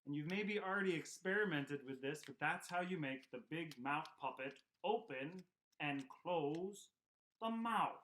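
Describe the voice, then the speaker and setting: A man teaching a children's puppet and sing-along lesson at home, speaking gently and encouragingly. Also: a little high, animated, unhurried. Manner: gentle, encouraging, talks to kids. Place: home room.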